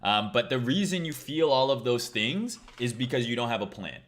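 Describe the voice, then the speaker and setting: A man's voice: medium pitch, animated, moderate pace, a bit bright. A man hosting a trading livestream, talking casually in a blunt, profane, rambling way.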